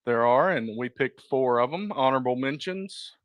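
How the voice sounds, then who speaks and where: A man's voice: mid-range voice, expressive, normal speed, no echo, highs cut off. A man hosting a podcast in casual chat, easygoing and steering the topics. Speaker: podcast host.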